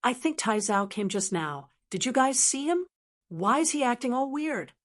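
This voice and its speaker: A woman's voice: a little high, lively intonation, moderate pace, voice pushed up, close to an everyday voice. A woman voicing a cautious, earnest young woman who asks her friends questions. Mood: puzzled.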